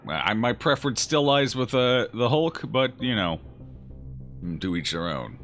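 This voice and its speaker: A man's voice: medium pitch, very animated, measured pace, a bit bright, soft background music. A man streaming a game, chatting casually and jokingly as he reacts aloud to his chat. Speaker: gaming streamer. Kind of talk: casual let's-play commentary answering chat.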